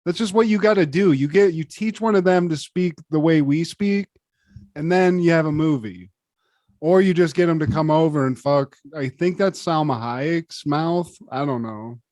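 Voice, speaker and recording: A man's voice: a little high, moderate pace, darkish tone, no room sound. Dry-sounding, joking male podcast host. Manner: joking and profane, laughs often. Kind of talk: casual chat.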